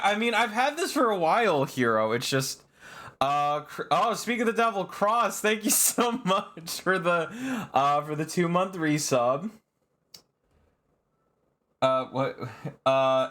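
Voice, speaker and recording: A man streaming live and chatting casually with his viewers. His pitch swings widely, and he breaks off into high, shrieking protests. He talks slowly, with lots of fillers and laughs. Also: a bit bright. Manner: rambling with many fillers and laughs.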